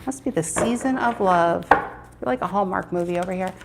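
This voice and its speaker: Giving a live tarot reading, this woman talks with her viewers and repeats each question as the cards turn over. She has a creaky, fairly low voice at a moderate pace, with background noise present.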